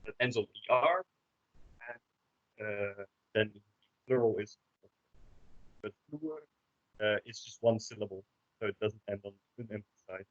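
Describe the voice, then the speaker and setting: A Dutch man teaching a language class online, explaining slowly with many hesitations. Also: on the low side, a bit bright. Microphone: computer microphone on a video call. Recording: dull lo-fi call audio.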